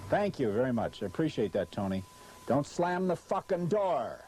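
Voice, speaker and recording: A man's voice: medium pitch, big pitch swings, moderate pace, warm tone, a little hiss or hum, rough recording. A man working as a voice-over announcer, profane and exasperated, cursing his way through blown commercial takes.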